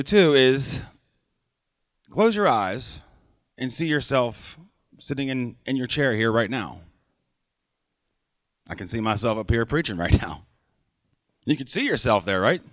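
A man's voice: medium pitch, fairly bright tone, no room sound. A man preaching a sermon to his church congregation in a conversational way, often checking in with "right?" and using fillers. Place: church sanctuary.

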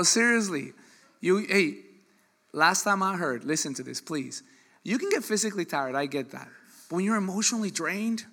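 A man preaching a sermon in an animated, joking way, with sudden loud bursts. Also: fairly high pitch. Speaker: pastor.

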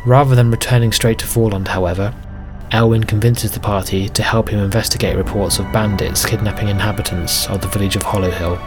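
A man with a low voice narrates his tabletop game as game master. His telling is steady and flat. Music runs clearly underneath. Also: a little fast. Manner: steady, even storytelling.

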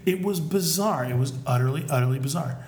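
A man co-hosting a podcast in a casual chat, with dry, deadpan humor. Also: fairly high pitch, fairly quick, reverberant. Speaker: podcast co-host.

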